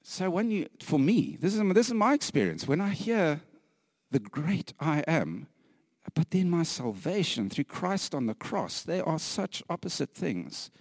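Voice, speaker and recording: A man preaching a sermon earnestly, repeating phrases for emphasis, sometimes dropping to a hushed whisper and laughing lightly between points. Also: on the high side, very animated, measured pace, no room sound, studio quality, long reverb tail.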